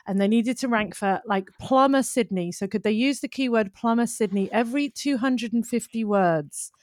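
A woman copywriter speaking as a podcast guest, with a fairly high voice. She is opinionated and emphatic, pressing her points with energy. The recording is close and dry. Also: moderate pace, darkish tone, dry recording. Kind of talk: casual conversation.

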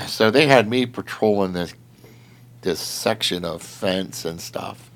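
A man's voice: lowish voice, takes it slowly, gravelly. A man telling a story in casual chat, rambling with lots of filler words and laughing as he goes. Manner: animated, laughing while telling. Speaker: storyteller recounting patrol work.

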